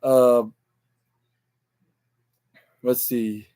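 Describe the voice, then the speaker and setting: A man's voice: mid-range voice, little pitch movement, drawn-out words, mellow, clean tone. A young man hosting a podcast, recapping a wrestling show in a rambling, casual way, full of fillers and restarts and acting out the lines he quotes. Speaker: podcast host.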